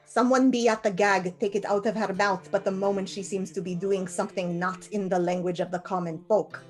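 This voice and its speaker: A woman in a tabletop game, her voice mid-pitched. She speaks formally and gives orders with calm authority. Faint music plays beneath her. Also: brisk. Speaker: player. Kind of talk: in-character tabletop play.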